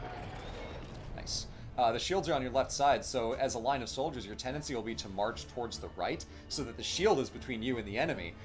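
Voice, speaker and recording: A man chatting casually while playing a video game on stream, explaining history as he goes and laughing often. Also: medium pitch. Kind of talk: casual gameplay commentary.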